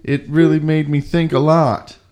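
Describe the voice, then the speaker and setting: A man's voice: fairly high pitch, little pitch movement, normal speed, darkish tone. A man doing improv comedy, talking in an earnest, rambling way.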